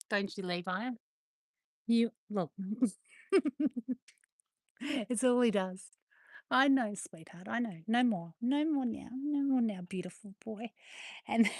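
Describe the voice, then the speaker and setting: A middle-aged Australian woman chats with viewers in a relaxed, affectionate way and now and then coos at her dogs. Her voice sits at an ordinary pitch. The sound is dry and close, with no room echo. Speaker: livestream host. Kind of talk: casual chat with viewers. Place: home with dogs, indoors.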